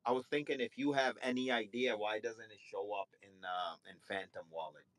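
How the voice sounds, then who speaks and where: A man in a live online audio chat asking a question, halting and repeating himself. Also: lowish voice, steady tone, a bit bright.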